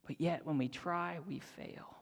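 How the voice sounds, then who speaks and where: Young male preacher, high-pitched, dramatic and intimate delivery, recorded in a big hall with long reverb. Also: unhurried, vocal fry, breathy edge. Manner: dramatic storytelling, dropping to near-whispers and rising to excited high voices. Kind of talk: sermon.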